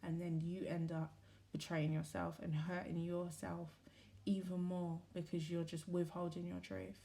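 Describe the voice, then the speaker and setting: A woman giving a casual, rambling spiritual talk to camera, candid and quick to correct herself, with the odd swear. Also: fairly low pitch, flat delivery, vocal fry, mellow. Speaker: spiritual reader and vlogger.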